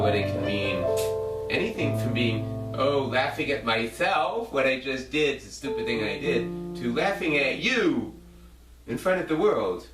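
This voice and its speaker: Rambling man, lively voice, loud guitar behind. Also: medium pitch. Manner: halting, self-interrupting, thinks aloud. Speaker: video blogger. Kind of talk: rambling personal address to one person. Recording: roomy, distant mic, loud guitar music. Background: loud guitar music.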